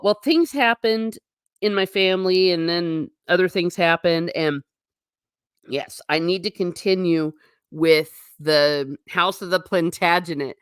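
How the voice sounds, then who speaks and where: A woman hosting a casual livestream, reading out viewer comments and answering them in an animated, sarcastic way with blunt asides. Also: lowish voice, unhurried, clear, resonant tone, no echo, studio quality. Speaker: host.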